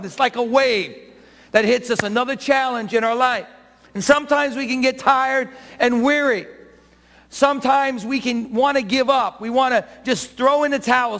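A man's voice: very high voice, creaky, a bit bright. A middle-aged man preaching a sermon as pastor, emphatic and full of rhetorical questions to the congregation. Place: church sanctuary. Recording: reverberant church hall.

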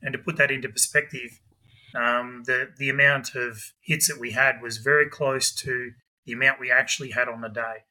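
A man, a guest, telling a lively anecdote with quick asides. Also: mid-range voice, poor audio. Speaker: guest, budgie club president. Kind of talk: animated storytelling.

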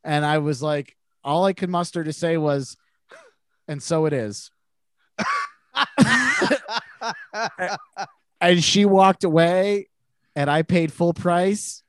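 A man's voice: fairly high pitch, steady tone, takes it slowly, long pauses, clean tone, dry recording. A man co-hosting a podcast, telling a self-mocking funny story in casual chat and laughing through it. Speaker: podcast co-host.

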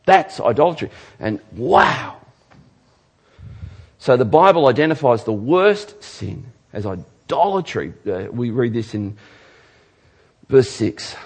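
A man's voice: medium pitch, big pitch swings, slow, pauses often, breathy edge. Emphatic male preacher. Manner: emphatic, swinging from loud to hushed. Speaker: pastor. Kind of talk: sermon.

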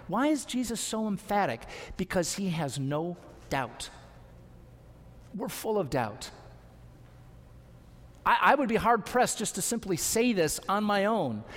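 A pastor delivers his sermon in a high, lifted voice, leaning hard on key words with deliberate pauses. He takes his time over each phrase. The sound rings out with a long reverb from the hall. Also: fairly bright tone. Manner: earnest, emphatic preaching with deliberate pauses.

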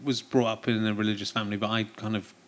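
A man's voice: lowish voice, little pitch movement, quick pace. A man with an English accent hosting a casual comedy podcast on a theatre stage, joking and laughing often. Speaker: podcast host. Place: theatre stage before an audience.

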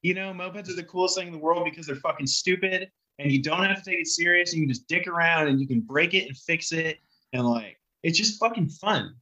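A man's voice: a little high, fast talker, sharp tone, poor audio. A young man chatting casually on a podcast, telling rambling stories full of swearing. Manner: profane, rambling storyteller. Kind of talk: casual chat.

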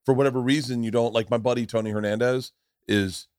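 Profane, animated male podcast host. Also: quick pace, no echo, clean studio sound. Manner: profane, animated, acts out quotes in high voices. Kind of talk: casual chat, storytelling.

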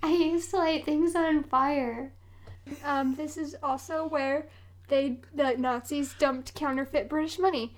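A woman co-hosting a podcast, recounting a story in a casual, giggly way. Her voice sits notably high. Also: steady tone, measured pace. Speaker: podcast co-host. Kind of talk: casual chat.

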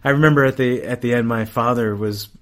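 A middle-aged priest recounts a memory in easy conversational speech. He is animated, breaks into laughter often and restarts his sentences as he goes. His voice sits at an ordinary middle pitch. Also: fairly quick. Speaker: priest and campus chaplain, guest. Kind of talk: casual storytelling in an interview.

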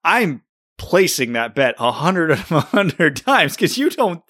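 A man's voice: on the high side, unhurried. A man co-hosting a hockey podcast, talking casually and animatedly about games and playing days. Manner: animated, storytelling. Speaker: podcast co-host. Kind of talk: casual chat.

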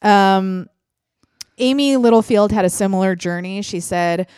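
A woman's voice: mid-range voice, measured pace, a little mellow, clear, resonant tone, dry recording, clean studio sound. A woman hosting a podcast in casual chat, talking freely with frequent laughs and fillers. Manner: chatty, laughs often, lots of fillers. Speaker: podcast host.

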